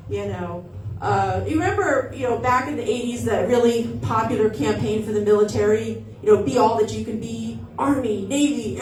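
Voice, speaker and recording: Stand-up comic, woman, lively storyteller who plays all the parts; echoey, slightly distant sound. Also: fairly high pitch. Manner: animated storytelling, acting out voices of family. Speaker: stand-up comedian. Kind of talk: stand-up comedy set. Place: comedy club stage.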